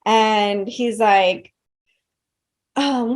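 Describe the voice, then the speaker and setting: A woman from South Texas with a high voice tells stories on a podcast. She is animated and chatty and fills her talk with little fillers. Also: moderate pace. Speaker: guest. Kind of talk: casual podcast storytelling.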